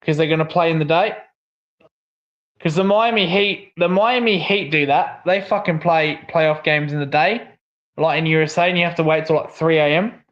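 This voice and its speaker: A man's voice: fairly high pitch, moderate pace, fairly bright tone, lo-fi sound. A young Australian man co-hosting a livestream, chatting casually and ranting with lots of swearing. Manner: swears a lot, rants. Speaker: livestream co-host. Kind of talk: casual stream chat.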